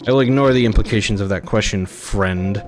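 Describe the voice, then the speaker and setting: A man's voice: lowish voice, brisk, over music, natural voice. A man reading a curt, haughty market boss woman. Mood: cold, curt. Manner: curt, dismissive. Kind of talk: reading game dialogue aloud.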